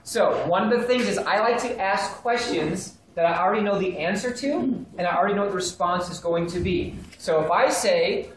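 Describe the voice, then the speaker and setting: A man giving a lively sales training seminar to a live audience, acting out sample phone calls as he teaches. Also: high-pitched, normal speed, hardly any pauses, a little hiss or hum. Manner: energetic, animated, acts out phone calls. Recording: very echoey room, faint ambience.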